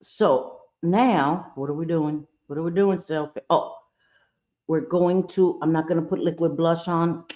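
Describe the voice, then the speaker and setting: A woman's voice: low voice, fairly even intonation, unhurried, mellow, dull audio. A woman chatting candidly and playfully through a makeup tutorial, with sassy asides, recorded at home. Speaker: makeup vlogger. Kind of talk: casual makeup tutorial chat.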